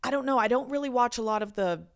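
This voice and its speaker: A woman's voice: on the high side, clean tone. A woman co-hosting a podcast, telling a story in casual chat, swearing often and filling her talk with fillers. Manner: fast, chatty storytelling with frequent swearing and fillers. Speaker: podcast co-host.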